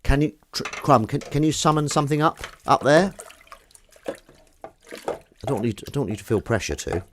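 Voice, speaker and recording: A man's voice: mid-range voice, lively intonation, unhurried, pauses often, noisy background. A man chatting casually to live-stream viewers while washing up in his kitchen, rambling with jokey asides. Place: home kitchen at the sink.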